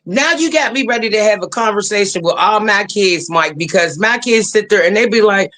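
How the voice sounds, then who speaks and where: A woman guest in casual chat, telling blunt, profane stories in a lively way. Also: mid-range voice, a little fast.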